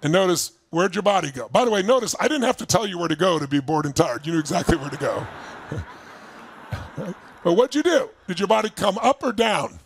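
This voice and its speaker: A man leading an online seminar as a motivational speaker, energetic and emphatic, firing questions at his audience. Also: high voice, fairly quick. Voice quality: gravelly, husky. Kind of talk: live online seminar coaching. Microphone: speaking to camera for remote viewers.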